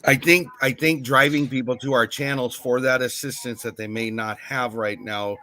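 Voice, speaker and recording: A man's voice: mid-range voice, fairly even intonation, normal speed, pushed and bright, no echo. A man hosting a casual group chat, earnestly organizing plans and thinking aloud as he talks. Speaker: channel host leading a group call.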